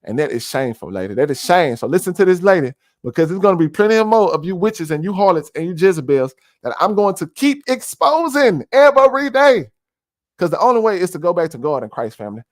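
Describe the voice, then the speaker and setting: A man's voice: on the high side, animated, quick pace, few pauses, darkish tone, no echo. Preachy man, close dry mic. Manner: preachy, repeats "family", heavy fillers. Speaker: commentary streamer. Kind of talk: casual conspiracy commentary.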